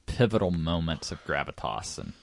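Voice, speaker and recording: A man's voice: very deep voice, sing-song, moderate pace, gravelly. A man in casual podcast chat who teases his co-host with wry remarks and playful puns.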